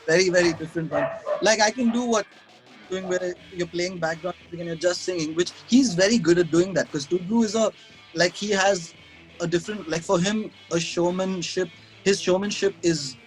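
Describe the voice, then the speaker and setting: A man speaks in a fairly high voice, chatting casually as a guest over a video call. He rambles, restarts his sentences and pokes fun at himself. Faint music plays in the background. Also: moderate pace, low-quality recording. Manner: rambling, self-mocking, frequent restarts and laughs.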